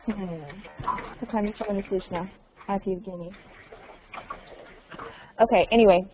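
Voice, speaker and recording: Play a woman teacher on a narrow, phone-like video call with light hiss behind. Keep your pitch mid-range and stay patient, asking each question twice and sliding in the odd Russian word to explain. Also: steady tone, measured pace. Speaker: English teacher. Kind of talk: online conversation lesson. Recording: tinny, narrow call audio with faint noise.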